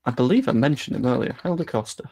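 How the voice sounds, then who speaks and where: Young male streamer, mid-range voice with noticeable vocal fry, casual rambling chat delivery. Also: mid-range voice, sing-song, quick pace, mellow. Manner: rambling, chatty, self-deprecating asides. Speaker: football channel streamer.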